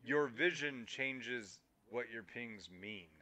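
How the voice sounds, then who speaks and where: A man's voice: mid-range voice, lively intonation, takes it slowly, a crowd in the background. A man co-hosting a casual gaming podcast, explaining things in an emphatic way and swearing casually. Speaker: podcast co-host. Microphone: streaming microphone.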